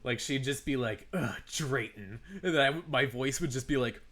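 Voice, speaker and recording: A man streaming live and chatting casually, animated and laughing often, with many filler words. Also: mid-range voice, fairly quick. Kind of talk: casual chat.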